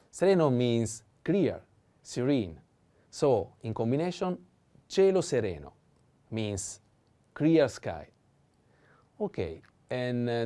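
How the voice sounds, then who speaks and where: A man teaching vocabulary in a patient language lesson, repeating each word slowly and pausing with fillers. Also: medium pitch, dark tone. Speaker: Italian teacher.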